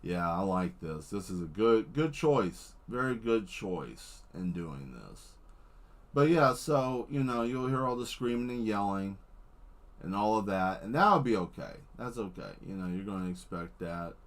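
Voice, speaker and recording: Low-voiced playful man rambling. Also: measured pace. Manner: rambling, playful, excitable storyteller. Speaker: live painting streamer. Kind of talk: casual chat while painting live.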